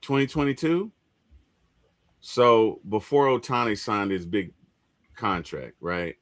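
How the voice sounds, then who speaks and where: A man co-hosting a casual sports podcast, animated, playful, often repeating himself. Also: lowish voice, takes it slowly. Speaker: podcast co-host.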